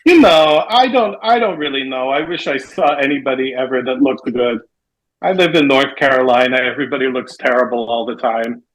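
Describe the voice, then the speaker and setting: A man's voice: medium pitch, a little fast, poor audio. A man in casual podcast chat, talking in a dry, sardonic, laid-back way. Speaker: podcast co-host.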